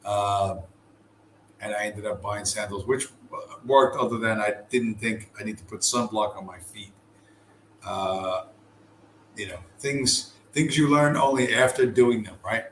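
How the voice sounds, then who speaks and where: Talking to his camera about his travels, a man rambles loosely, swears a lot, and keeps restarting and filling gaps. His voice sits on the low side with a fairly bright tone and a measured pace. The camera mic picks up an echoey room and slight background noise.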